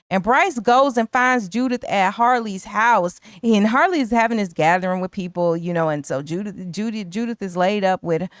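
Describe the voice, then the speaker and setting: Retelling a film's plot on a casual recap show, this female co-host is animated, chatty and full of slang, voicing the characters' quoted lines herself. Her voice is mid-range, recorded at studio quality with no room sound.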